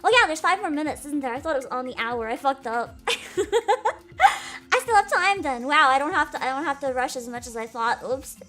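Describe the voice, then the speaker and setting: A woman's voice: high-pitched, sing-song, normal speed, sharp tone. A woman streaming live as a VTuber, hyper and giggly, chatting casually, swearing freely and greeting viewers by name.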